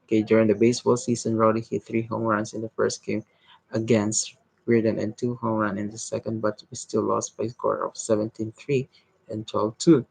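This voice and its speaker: A man reading a novel aloud in a halting way, stumbling over words and restarting them. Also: fairly low pitch, flat delivery, gravelly, a little mellow, slightly rough, dry recording, low-quality recording. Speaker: reader.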